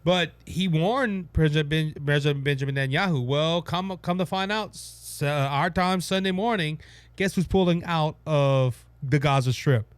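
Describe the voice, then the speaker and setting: A man's voice: a little high, normal speed, clear, resonant tone, dry recording. A man with a Cajun accent hosting a casual political talk show, rambling and emphatic, with frequent restarts. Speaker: podcast host.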